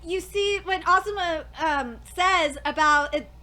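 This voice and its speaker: Woman, anime reviewer, rambling gush, lots of fillers, sharp bright tone. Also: very high-pitched, unhurried. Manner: gushing and excitable, swears, laughs often; rambling with many fillers and restarts. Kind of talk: casual anime review monologue.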